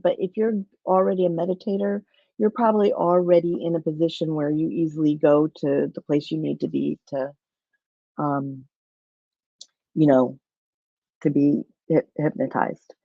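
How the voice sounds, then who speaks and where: A woman's voice: low-pitched, steady tone, moderate pace, creaky, dry recording, lo-fi sound. A woman telling a personal story in a rambling way, with many restarts, on a video call. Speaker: guest.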